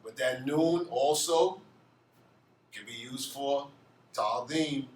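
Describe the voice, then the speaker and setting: A man's voice: mid-range voice, takes it slowly, distant mic. Man teaching grammar in an echoey classroom. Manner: asks the class questions and answers them himself. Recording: echoey room, off-mic, faint ambience.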